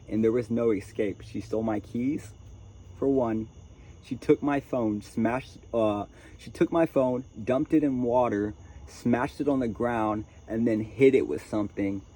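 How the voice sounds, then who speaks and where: A man vlogging outdoors, telling a story in a lively way and talking straight to his viewers. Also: medium pitch, a little slow. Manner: animated, addresses viewers as chat and y'all. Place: outdoors at a tent camp.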